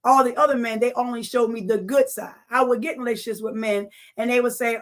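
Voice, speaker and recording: A woman's voice: on the high side, fairly even intonation, fast talker, few pauses. A woman giving a personal testimony to an audience, earnest, speaking to them directly and repeating phrases for emphasis.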